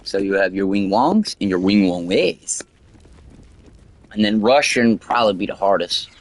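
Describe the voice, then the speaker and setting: A man's voice: lowish voice, expressive, normal speed. Rambling male streamer. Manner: rambling, lots of fillers and crude jokes. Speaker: game streamer. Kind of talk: casual livestream chat.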